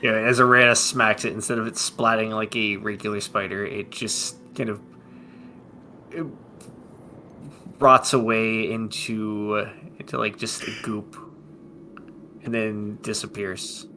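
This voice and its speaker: A man playing a tabletop game, describing events in a halting way as he searches for words. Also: lowish voice, flat delivery, sharp tone, slight background noise.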